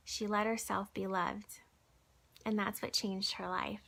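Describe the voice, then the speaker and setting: Soft-spoken woman reading a devotional. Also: mid-range voice, little pitch movement, unhurried, gravelly. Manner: gentle and conversational, with many fillers and restarts; drops to a soft whisper at times. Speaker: church devotional speaker. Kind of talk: informal devotional book reading. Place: recorded video message.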